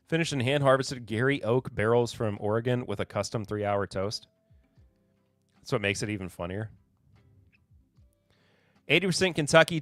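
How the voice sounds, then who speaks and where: A man's voice: mid-range voice, a bit bright, no echo, studio quality. A man hosting a casual live-stream whiskey podcast, reading new bottle labels aloud in a rambling, sarcastic, self-deprecating way. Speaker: podcast host.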